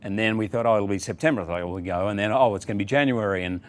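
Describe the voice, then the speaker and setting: A middle-aged man, a talk-show guest, telling a story in a relaxed, animated way and acting out the people he quotes. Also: fairly low pitch, very fast. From Australia. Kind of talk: casual talk-show anecdote.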